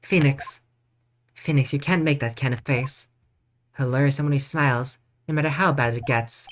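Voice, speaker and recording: A woman voicing a calm, encouraging female lawyer mentor in a courtroom video game, speaking in a soft, steady way. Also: a bass voice, moderate pace, a little hiss or hum. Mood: gentle.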